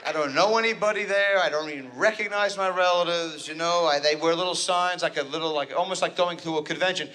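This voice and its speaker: A man's voice: fairly high pitch, fast talker, hardly any pauses, pushed and bright. A man from New Jersey doing a neurotic, rambling, self-deprecating stand-up routine on stage. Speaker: stand-up comedian. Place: stage before a live audience.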